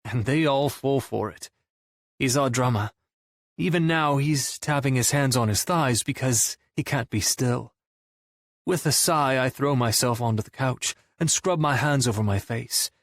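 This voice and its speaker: A man narrating a first-person audiobook in a wry, deadpan manner. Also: medium pitch, unhurried, no room sound, studio quality.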